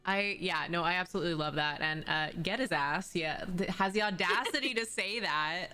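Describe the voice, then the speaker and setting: A woman hosting a podcast, chatting in a relaxed, sympathetic way with casual swearing. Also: lowish voice, moderate pace, clear, resonant tone. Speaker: podcast host. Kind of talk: casual interview chat.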